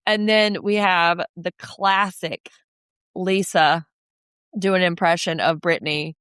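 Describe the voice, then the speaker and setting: A woman's voice: fairly low pitch, slow, clean tone, no room sound, clean studio sound. A woman co-hosting a casual podcast, recapping a reality show and slipping into voices to quote the cast. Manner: animated, slips into quoted voices. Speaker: podcast co-host.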